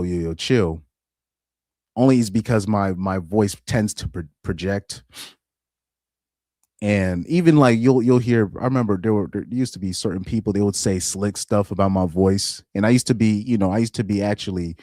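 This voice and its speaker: Male streamer, deep voice, casual rambling chat read-out, dry close sound. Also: moderate pace, pauses often, a little mellow, no room sound. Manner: loose and rambling, repeats words, laughs often. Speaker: livestream host reading chat. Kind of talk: casual live-stream commentary.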